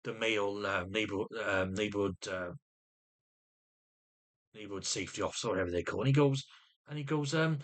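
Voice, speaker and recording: Guy ranting into his camera, bright sharp voice, keeps tripping over his words and starting again. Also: lowish voice, lively intonation, a little fast, long pauses. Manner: agitated, restarts and repeats words often. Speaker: vlogger. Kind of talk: venting monologue to camera.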